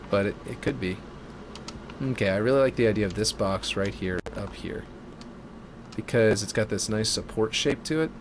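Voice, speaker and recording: A man with a lowish voice streams himself building a game map live, chatting casually and thinking out loud in a self-mocking way. There's slight background noise.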